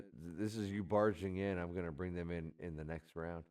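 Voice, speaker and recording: A man running a tabletop game as game master, with a relaxed, casual manner. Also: low-pitched, normal speed, clean tone. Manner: relaxed, casual, says "bruh". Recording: distant mic.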